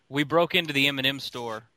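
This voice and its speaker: A man's voice: mid-range voice, normal speed, sharp tone, a little hiss or hum, poor audio. A man co-hosting a podcast in casual comedic chat, playful and jokey, often laughing. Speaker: podcast co-host.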